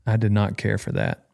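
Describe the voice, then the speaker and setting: A man with a lively, up-and-down voice that keeps swinging in pitch. He hosts a relaxed podcast chat with friends, joking, chuckling and drawling through stories. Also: gravelly. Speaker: podcast host.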